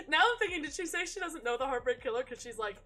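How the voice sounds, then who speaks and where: A woman's voice: high-pitched, lively intonation, moderate pace, soft background music. A woman streaming a visual novel, joking, swearing and laughing often as she reacts. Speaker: game streamer.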